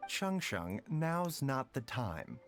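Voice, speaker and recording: A man voicing a calm, courteous doctor in a video game, overly polite in a way that sounds sarcastic. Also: mid-range voice, takes it slowly, faint music behind.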